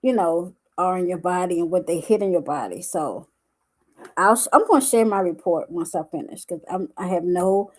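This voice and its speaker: A woman's voice: lowish voice, a little mellow. Emotional woman live-streaming. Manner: emotional, tearful, halting. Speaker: wellness coach.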